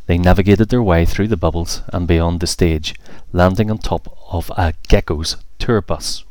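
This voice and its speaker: A man with a very low voice narrates a children's fairy story in a steady, measured way. His reading sits right at a close mic, dry and free of room sound. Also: no echo.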